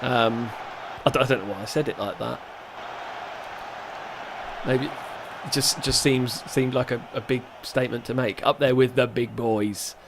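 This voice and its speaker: A man's voice: medium pitch, steady tone, measured pace, long pauses, background noise. A man giving casual, rambling let's-play commentary, reacting aloud and poking fun at himself. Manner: chatty and rambling, self-mocking, reacts aloud to the match. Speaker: gaming YouTuber.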